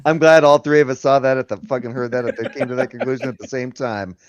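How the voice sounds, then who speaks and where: A man's voice: medium pitch, fairly even intonation, fast, dull audio. A man co-hosting a debate livestream, talking in sarcastic, profane banter and mimicking people. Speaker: debate panel co-host.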